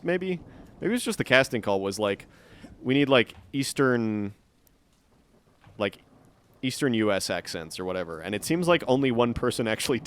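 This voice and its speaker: A man streaming live gameplay, chatting and muttering to himself with frequent swearing. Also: mid-range voice.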